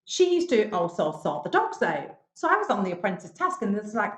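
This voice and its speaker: A woman's voice: mid-range voice, very animated, quick pace, few pauses. Frank chatty Northern English woman. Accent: Northern English (Bolton). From Bolton, England. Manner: frank, chatty, swears, self-mocking. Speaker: podcast guest, business owner. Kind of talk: casual interview storytelling. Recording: roomy echo.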